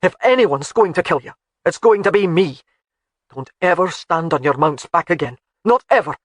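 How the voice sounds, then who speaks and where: A narrator voicing a proud, commanding Highland laird who barks orders at his wife and his men, in a storybook reading. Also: animated, moderate pace, no room sound, natural voice. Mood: angry.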